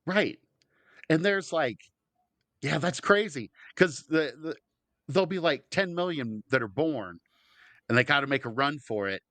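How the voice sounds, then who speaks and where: A man's voice: fairly high pitch, animated, a little slow, pauses often, a bit bright, no room sound. A man co-hosting a comedy podcast, reading out news stories and laughing easily. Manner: laughs easily, reads headlines aloud. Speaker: podcast co-host.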